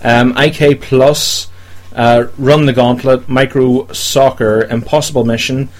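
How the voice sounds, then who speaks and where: A man's voice: medium pitch, steady tone, measured pace. A man hosting a casual podcast chat, rambling and hesitant with many ums while reading a list. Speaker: podcast host.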